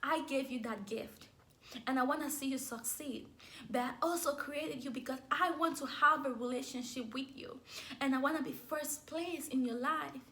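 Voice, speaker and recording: A young woman voicing God as a calm, loving male deity who firmly corrects her, spoken gently and earnestly. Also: sits high, normal speed. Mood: gentle.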